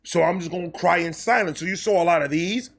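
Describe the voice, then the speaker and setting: A man telling a comedic personal story as host, animated and profane, acting out quotes along the way. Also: high-pitched, fast talker, vocal fry.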